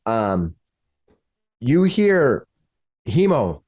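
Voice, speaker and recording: A man's voice: mid-range voice, very animated, drawn-out words, darkish tone. A man running a tabletop game as game master, narrating with frequent restarts. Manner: rambling, many restarts.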